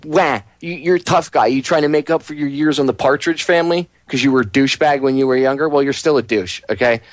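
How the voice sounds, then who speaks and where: A man's voice: mid-range voice, fast talker, no echo. A man hosting a talk radio show, speaking casually and animatedly, often mocking people in put-on voices.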